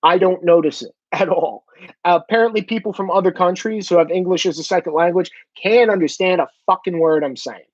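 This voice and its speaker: A man's voice: sits high, a little fast, dry recording. Blunt New York-accented man ranting. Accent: New York / New Jersey. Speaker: independent journalist, vlogger. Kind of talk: casual opinion monologue. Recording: dull lo-fi dry recording.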